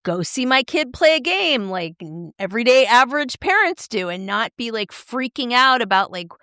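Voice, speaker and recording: Chatty higher-voiced woman co-host. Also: sing-song, moderate pace, sharp tone, dry recording, studio quality. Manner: chatty, retells stories with many "like" and "right?". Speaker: podcast co-host. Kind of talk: casual chat.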